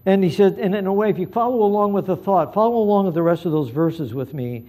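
A man preaching a live sermon, earnest and pleading, moving between hushed passages and emphatic ones. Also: high voice, fast talker, few pauses. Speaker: pastor.

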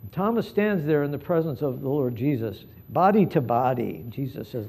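A man preaching a live sermon, earnest and pleading, moving between hushed passages and emphatic ones. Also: mid-range voice, lively intonation, moderate pace, vocal fry, slightly rough. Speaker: pastor.

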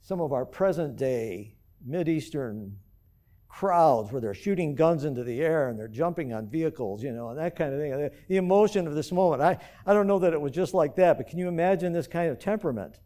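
A man preaches a sermon in a fairly high, mellow voice. He is earnest and keeps turning to the congregation with rhetorical questions. He speaks as the pastor of the church. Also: expressive, brisk.

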